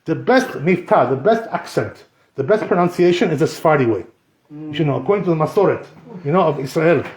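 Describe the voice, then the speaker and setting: A man teaching a Torah class as a rabbi, animated and joking, with many rhetorical questions. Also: on the high side, a little fast. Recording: echoey room, slightly dull.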